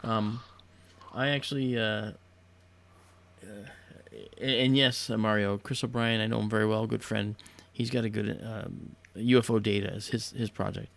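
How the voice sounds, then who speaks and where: Gravelly, low-voiced man telling a story. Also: fairly even intonation, normal speed, a bit bright. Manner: hesitant, many fillers and restarts. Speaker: livestream host. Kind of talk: casual storytelling on a livestream.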